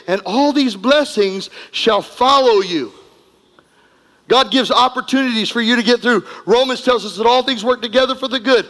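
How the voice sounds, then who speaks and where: A man's voice: extremely high pitch, fairly bright tone. A man preaching a sermon as pastor, emphatic and repetitive, leading the congregation in call-and-response. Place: church sanctuary. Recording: long hall reverb.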